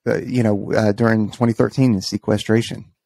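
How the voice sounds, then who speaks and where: A man's voice: lowish voice, level tone, brisk, vocal fry, warm tone. A man co-hosting a podcast, telling an amused story in a rambling way, full of fillers. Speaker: podcast co-host. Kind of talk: casual podcast chat.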